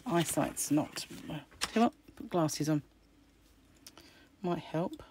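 A middle-aged woman with a croaky voice, chatting casually as she pages through a craft magazine. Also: sits low, expressive, takes it slowly, darkish tone. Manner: chatty, musing aloud while flicking through pages. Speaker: craft channel host. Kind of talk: casual magazine unboxing chat.

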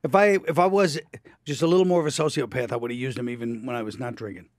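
Gruff middle-aged man on studio mic. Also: medium pitch, steady tone, fast talker, no echo. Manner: gruff, mock-angry ribbing. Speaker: guest comedian. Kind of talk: casual radio chat. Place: radio studio. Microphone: studio microphone.

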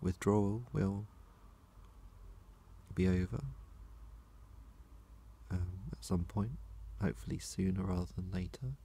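A man with a rough, gravelly voice and a lowish pitch talks casually to camera. His delivery is unhurried and halting, broken by long pauses. He stays soft-spoken and low-key throughout. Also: steady tone.

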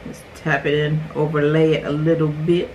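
A woman's voice: low voice, flat delivery, moderate pace, a little mellow, slight background noise, rough recording. Chatty woman doing a makeup tutorial. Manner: chatty, talks straight to viewers. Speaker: beauty vlogger.

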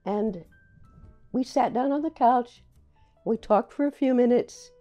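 An older woman, a playwright, recalling her career in a reflective, halting way, often repeating words as she remembers. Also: on the high side, warm tone, soft background music. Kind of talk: reflective personal storytelling.

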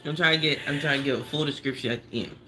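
A man's voice: medium pitch, rapid-fire, sharp tone, poor audio. Earnest man reviewing a dish. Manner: earnest, searching for words in his food review. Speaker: producer tasting food. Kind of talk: casual chat.

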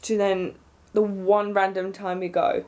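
A young woman vlogging, telling a story in an excited, rambling way with lots of fillers. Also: mid-range voice, unhurried. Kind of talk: casual storytelling to camera.

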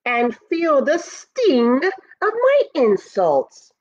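A woman's voice: high-pitched, wildly swooping pitch, very slow, voice pushed up, exaggerated voice. A woman voicing a tiny, brave male ant who talks back boldly in a raised, defiant voice. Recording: dull lo-fi audio.

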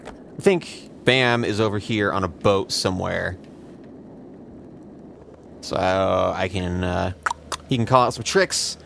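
Sarcastic, low-voiced man playing a game. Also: takes it slowly, vocal fry, long pauses, fairly bright tone, a little hiss or hum. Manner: sarcastic, profane, self-mocking. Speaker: let's play host. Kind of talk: casual gameplay commentary.

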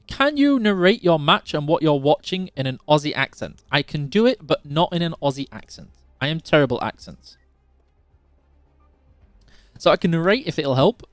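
A man's voice: fairly high pitch, sing-song, moderate pace, no room sound, faint music behind. Chatty male game streamer from Yorkshire. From Yorkshire, England. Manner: chatty, teasing, reads chat questions aloud. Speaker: game stream host answering chat. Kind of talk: casual live-stream chat while playing.

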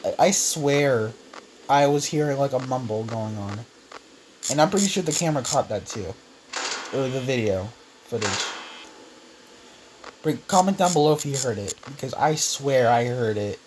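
A man's voice: mid-range voice, animated, normal speed, long pauses, darkish tone, a little hiss or hum, low-quality recording. A young man giving casual let's-play commentary on a horror game, rambling with lots of fillers and jumpy outbursts. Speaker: gaming YouTuber.

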